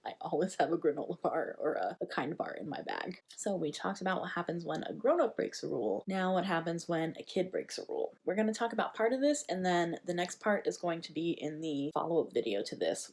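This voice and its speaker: A young adult woman, a parent educator, giving candid, chatty parenting advice straight to camera. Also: sits low. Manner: chatty, candid, with fillers like "like" and soft laughs. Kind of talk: casual advice talk to camera.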